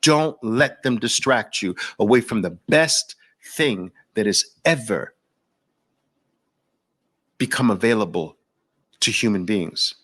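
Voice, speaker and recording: A man's voice: fairly low pitch, expressive, takes it slowly, long pauses, a bit bright. A man with a Brooklyn accent hosting an impassioned, preachy talk to camera, hammering points home through repetition. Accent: New York, Brooklyn. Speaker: host.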